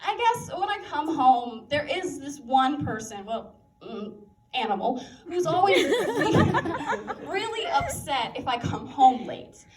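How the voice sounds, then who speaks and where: A woman's voice: sits high, big pitch swings, measured pace, a little hiss or hum. Young woman doing chatty stand-up. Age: young adult. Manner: chatty, self-mocking, lots of fillers and laughs. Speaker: stand-up comic. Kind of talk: stand-up comedy set. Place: university coffee house stage. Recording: echoey room, heard from a distance.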